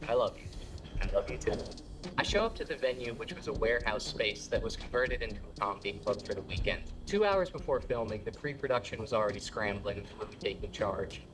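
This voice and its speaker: Animated male stand-up comedian. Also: lowish voice, brisk, hardly any pauses, background noise. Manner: animated, acts out every character. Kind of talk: stand-up storytelling.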